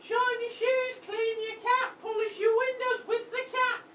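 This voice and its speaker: A woman playing a pushy London street urchin with a put-on Cockney accent in an improvised stage comedy, calling out loud, drawn-out hawker's cries. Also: very high voice, flat delivery. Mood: hawking. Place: fringe theatre stage. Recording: echoey live stage from far off, noisy.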